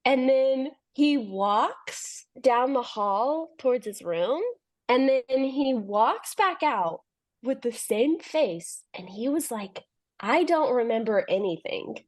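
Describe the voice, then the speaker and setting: A woman's voice: sits high, animated, takes it slowly, darkish tone. A young adult woman, a podcast guest, telling a long story in casual chat, laughing often and acting out what people said.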